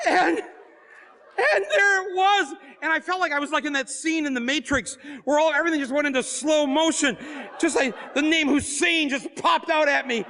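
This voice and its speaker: A man, an author and filmmaker, telling comic stories to a live audience in an animated, joking way, acting out the scenes. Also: extremely high pitch, normal speed. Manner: animated, joking, acts out scenes and voices, often breaks into laughter. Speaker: author and filmmaker giving a talk. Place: stage at a book fair.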